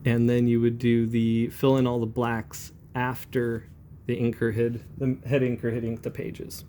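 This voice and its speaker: A man in his forties, a comic book inker, chatting in a relaxed, rambling way as he demonstrates brush inking. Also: mid-range voice, measured pace, slight background noise.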